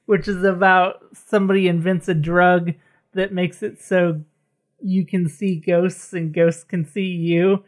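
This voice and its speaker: A woman's voice: fairly low pitch, flat delivery, unhurried. A woman co-hosting a podcast in casual chat, wry and chatty, often laughing as she talks. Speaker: podcast co-host.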